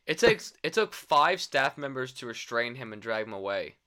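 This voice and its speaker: A young man co-hosting a casual podcast, swearing freely and cracking jokes between laughs. His voice is bright and smooth. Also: medium pitch, big pitch swings, moderate pace. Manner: loose, crude, joking, laughs often. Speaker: podcast co-host.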